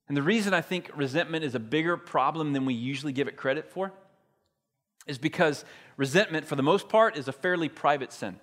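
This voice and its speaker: A man's voice: a little high, brisk, a bit bright. A man preaching a sermon as a pastor, retelling a story in a conversational, emphatic way.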